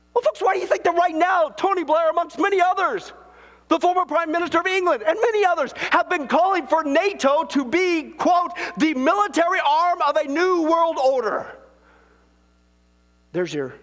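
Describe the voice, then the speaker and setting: A man's voice: extremely high pitch, a bit bright, long reverb tail. A man preaching as a pastor, fervent and insistent, repeatedly addressing his listeners as folks. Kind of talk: preaching to camera.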